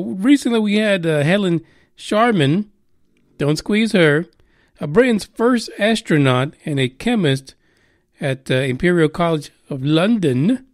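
Male podcast host, irreverent and profane, loose rambling delivery, slightly high pitch. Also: lively intonation, normal speed, no room sound, clean studio sound. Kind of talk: casual news chat.

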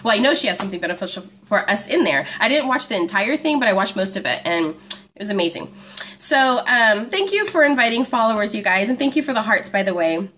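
A woman's voice: mid-range voice, sing-song, fast talker, pushed and bright. A woman hosting a live homeschool stream from home, chatting casually, laughing often and reading out viewer comments on her phone. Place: at home, indoors.

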